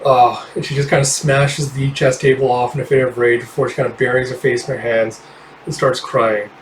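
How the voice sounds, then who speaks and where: A man's voice: mid-range voice, flat delivery, brisk, slight background noise. Casual man recapping a game, roomy. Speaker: game read-through narrator. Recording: roomy, distant mic.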